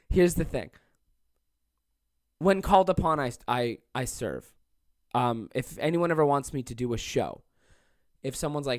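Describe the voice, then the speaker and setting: A jet-lagged young man rambles through a solo podcast, swearing freely and poking fun at himself. His voice sits at an ordinary pitch and sounds close and dry. He is alone in a small room. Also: lively intonation, normal speed, pauses often, a little mellow, no room sound. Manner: rambling, profane, self-deprecating. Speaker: podcast host and stand-up comedian. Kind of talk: casual solo podcast monologue.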